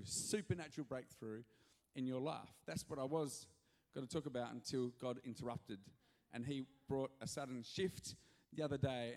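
Gravelly, lively male pastor preaching. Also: on the high side. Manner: animated and jokey, with sudden loud rises. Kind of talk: energetic sermon. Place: church hall.

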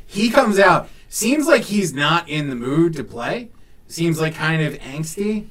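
Animated man telling a story. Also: fairly high pitch, measured pace. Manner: animated, laughing, swearing. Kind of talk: casual storytelling chat.

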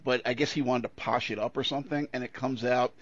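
A man co-hosting a podcast in casual chat, animated and profane, breaking into quick put-on voices as he jokes. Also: mid-range voice, dry recording. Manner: animated, profane, puts on voices when joking. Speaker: podcast co-host. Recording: dull lo-fi sound.

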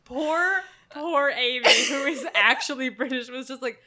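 A woman co-hosting a podcast in casual chat, giggly and animated, often chiming in with quick replies. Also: sits high. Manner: animated, giggly, frequent short backchannels. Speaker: podcast co-host.

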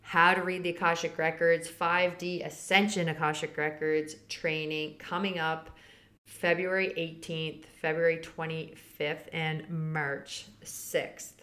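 Woman, podcast host, casual chat, lowish voice, talkative. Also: flat delivery, unhurried, pushed and bright. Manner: chatty, laughs often, quotes others with raised pitch. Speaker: podcast host and Akashic Records teacher.

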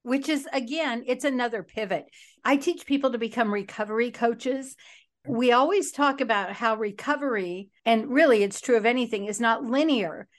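A woman's voice: fairly high pitch, moderate pace. A woman hosting a podcast, who trains recovery coaches, asking reflective and encouraging questions in a conversational way. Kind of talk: conversational interviewing.

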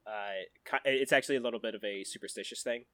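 A man with a middle-pitched voice who talks in a relaxed, rambling way and often mocks himself. He is heard up close, with a dry sound. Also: fast talker, dry recording. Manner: laid-back, rambling, self-mocking. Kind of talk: casual chat.

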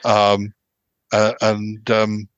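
A British man with a fairly low voice hosts a casual podcast chat. He rambles a little and builds his points as he talks. The sound is dry and close. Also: completely flat delivery, very slow, no echo, dull audio. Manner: rambling, pieces thoughts together as he goes. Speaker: podcast host. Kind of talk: casual chat about TV dramas.

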